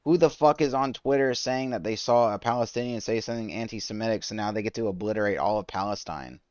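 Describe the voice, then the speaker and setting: A man with a lowish, darkish voice talks fast while streaming a game, ranting in an exasperated, rambling way and restarting often. The casual live reaction is captured with no echo on a slightly dull lo-fi mic.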